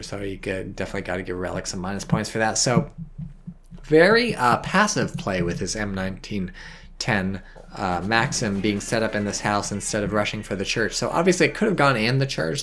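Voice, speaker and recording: A tipsy man doing casual, rambling game commentary as a shoutcaster, swearing freely and making self-mocking asides. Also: on the low side, a little fast. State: tipsy from wine.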